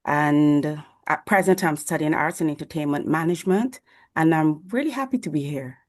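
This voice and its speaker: A woman's voice: low voice, normal speed. A woman from Barbados, an artist and student, introducing herself on a video call.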